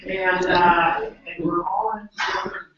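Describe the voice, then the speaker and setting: American guy giving a speech, high voice, lots of uh's, big echoey room, muffled lo-fi. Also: fairly even intonation, a little slow, crowd noise. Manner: earnest and emphatic, with frequent hesitations. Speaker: conference speaker. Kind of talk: speech to an audience. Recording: echoey hall, distant mic, dull lo-fi.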